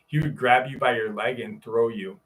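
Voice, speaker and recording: A man's voice: mid-range voice, fairly even intonation, normal speed, fairly bright tone. A man hosting a live stream, chatting casually with his audience in a loose, joking way that is full of swearing, then reading a story aloud. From upstate New York. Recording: voice a bit distant from the mic.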